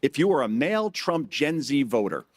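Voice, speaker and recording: A man's voice: medium pitch, very animated, normal speed. Joking male conference speaker. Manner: joking storyteller who acts out quotes in shifting voices. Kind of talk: live speech with anecdotes. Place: conference hall stage.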